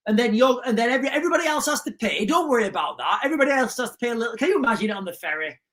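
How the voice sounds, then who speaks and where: A woman with a fairly high, fairly bright, expressive voice talks very fast with hardly any pauses while hosting a livestream. She reads viewer comments aloud and answers them sarcastically and emphatically, often repeating her key lines.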